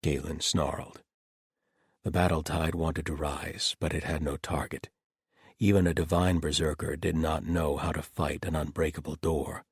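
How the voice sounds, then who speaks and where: A man narrating a fantasy audiobook with expressive storytelling. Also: very deep voice, normal speed, slightly rough, no echo, clean studio sound. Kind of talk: scripted narration.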